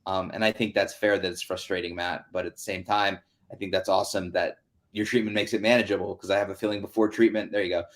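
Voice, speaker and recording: A man's voice: low-pitched, flat delivery, quick pace. A man hosting an online town hall, talking in an earnest, chatty way with many fillers over a video call. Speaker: host.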